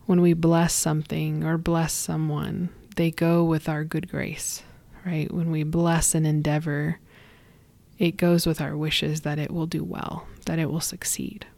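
Low gravelly-voiced woman, slow and soft, trails into whispers, dry close mic. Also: level tone, no echo. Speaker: podcast host. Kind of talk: gentle spoken blessing and reflective talk.

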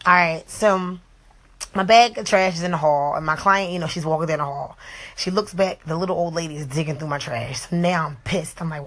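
A young woman telling a personal story at home, animated and profane, acting out what everyone said. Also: low voice, a little fast. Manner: animated, profane, acts out the other people's lines. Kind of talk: casual storytime to camera. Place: at home with her young children nearby.

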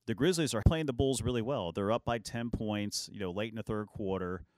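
Low-voiced man telling sports stories. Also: a little fast, no echo. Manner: lively anecdotes, acting out quoted lines. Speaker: sports show host. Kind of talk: casual sports storytelling.

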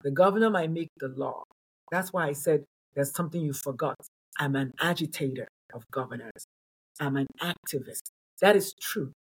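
A woman's voice: low-pitched, normal speed, slightly rough. A woman from Nigeria, a pediatrician and coach, talking emphatically in an interview and repeating phrases for effect. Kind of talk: animated interview talk.

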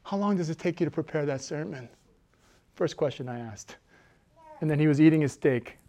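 Her voice low and her pace brisk, a middle-aged woman pastor delivers a lively sermon. She swings from loud exhortation into quiet intensity and laughs a lot along the way.

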